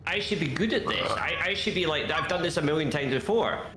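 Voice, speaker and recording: A man's voice: a little high, expressive, a little fast, pushed and bright. A man playing a tabletop game, stammering and self-conscious, recorded in an echoey room with noise. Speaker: player. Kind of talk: casual table talk.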